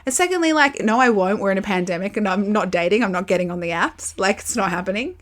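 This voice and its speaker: A woman's voice: medium pitch, animated, quick pace. A young Australian woman hosting a solo podcast, talking candidly and casually with lots of fillers and the odd swear word. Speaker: podcast host. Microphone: camera with built-in mic.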